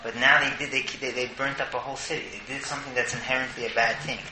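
Man, Torah teacher, casual talk, animated, stumbling repetitions, echoey room, clear background noise. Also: mid-range voice, racing.

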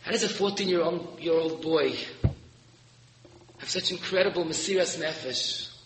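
A man giving a sermon as a rabbi, telling a story with emphatic peaks and sudden hushed drops. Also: fairly high pitch, unhurried, noisy background. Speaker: rabbi giving a Torah talk. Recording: echoey hall, long reverb.

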